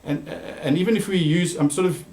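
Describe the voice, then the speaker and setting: A man telling a children's story and giving an online talk, animated and lively. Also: fast talker. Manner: animated, shifting pitch for characters. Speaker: presenter. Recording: echoey room.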